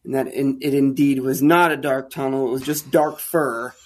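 A man telling a caving story as a podcast guest, casual and animated, acting out the lines of people in it. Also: medium pitch, normal speed. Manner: animated, acts out quoted dialogue. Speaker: guest, caver.

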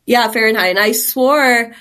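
A woman's voice: a little high, moderate pace, a bit bright. A woman from Texas, a caver, telling stories in a rambling, chatty way during a casual interview, laughing often. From Texas, USA. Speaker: guest caver.

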